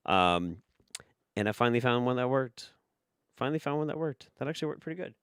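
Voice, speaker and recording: A man chats on his livestream with a lively, swooping voice that sounds bright and forceful. He swears freely and reacts loudly to his viewers, and his mic is close and dry. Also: medium pitch, a little fast, clear, resonant tone, dry recording. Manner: profane, animated, laughing. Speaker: livestream host. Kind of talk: casual livestream chat reading superchats.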